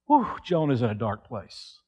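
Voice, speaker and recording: A man's voice: fairly high pitch, animated, measured pace. A man, preaching an earnest sermon in church and acting out quoted pleas. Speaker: pastor.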